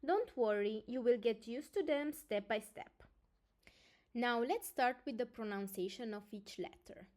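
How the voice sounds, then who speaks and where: A woman's voice: on the high side, a little slow, darkish tone. A woman with a Romanian accent, a native Romanian speaker teaching a beginner language lesson, patiently sounding out letters one by one. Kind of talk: slow instructional lesson.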